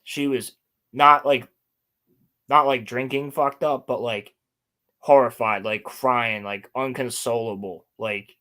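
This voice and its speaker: A young man hosting a casual podcast chat, telling animated stories and swearing often. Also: mid-range voice, takes it slowly. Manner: animated storytelling, heavy swearing. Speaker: podcast host.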